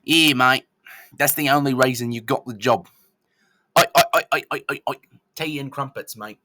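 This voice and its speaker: A man's voice: medium pitch, normal speed, no room sound, voice pushed up, lightly acted. A man voicing a brash, mocking British wrestler trash-talking in a put-on British accent. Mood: jeering. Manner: jeering, brash, shouty. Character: mocking loud-mouthed British male wrestler cutting a trash-talk promo.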